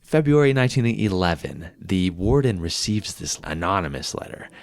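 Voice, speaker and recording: Low-voiced man telling a history story. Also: moderate pace, no echo. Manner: animated storyteller who reads out quotes and laughs often. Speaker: podcast co-host. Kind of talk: casual history podcast storytelling.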